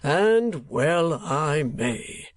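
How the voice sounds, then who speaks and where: A man voicing a talkative, theatrical middle-aged theatre manager, speaking slowly and emphatically. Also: on the high side, very animated, heavily acted. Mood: enthusiastic.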